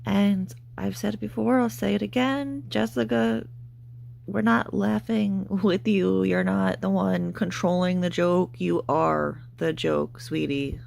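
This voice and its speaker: Gravelly, mocking woman commentator. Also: mid-range voice, steady tone, slow pace, darkish tone, a little hiss or hum. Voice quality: gravelly vocal fry. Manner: mocking, sarcastic, profane. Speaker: commentary channel host. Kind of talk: casual commentary rant.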